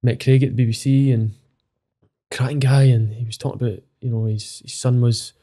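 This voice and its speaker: Speaking at a moderate pace with a mellow, mid-range voice and fairly even intonation, this man from Scotland is a footballer in his thirties. He's a podcast interview guest who opens up emotionally, with frequent swearing.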